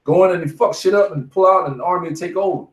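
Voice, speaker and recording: A high-voiced, fast-talking man of about forty teaches the Bible as a street study leader in an echoey room. Between casual preaching and war stories, he's emphatic and profane, with "man" tacked onto almost every phrase.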